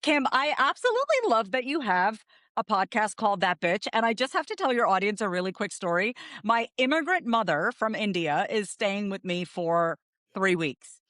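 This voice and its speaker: Animated woman telling stories. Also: medium pitch, dry recording, studio quality. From United States. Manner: animated, storytelling, quick to laugh at herself. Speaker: guest, author. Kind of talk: podcast interview storytelling.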